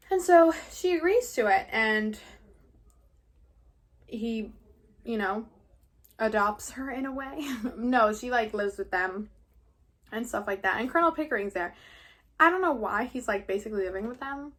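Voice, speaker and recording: A woman's voice: a little high, expressive, normal speed, long pauses, a bit bright. An eighteen-year-old woman from New York, casually recapping a musical while eating, talking in a rambling way full of "like". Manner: chatty, rambling, heavy on "like". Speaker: vlogger.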